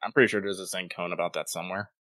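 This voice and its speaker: A man co-hosting a podcast in casual chat, making wry, deadpan jokes. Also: racing, no room sound, clean studio sound. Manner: wry, deadpan jokes and lively swings in pitch. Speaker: podcast co-host.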